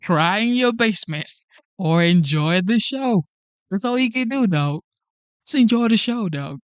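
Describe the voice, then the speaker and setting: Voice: medium pitch, sing-song, normal speed, no room sound. A naturalized immigrant hosting a political commentary channel, ranting emphatically in slangy speech and repeating punchlines. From immigrant, naturalized in the United States.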